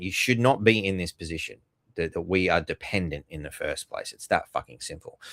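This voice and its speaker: A man's voice: sits low, a bit bright, no room sound, clean studio sound. A man hosting a podcast, rambling and sarcastic with frequent swearing and fillers. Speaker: podcast host. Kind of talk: casual commentary.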